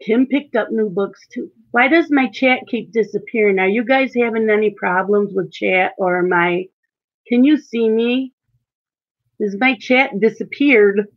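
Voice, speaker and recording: A woman with a slightly high voice talks unhurriedly over lo-fi sound as she colors during a live stream. The chatty coloring channel host reads out viewers' comments and answers them.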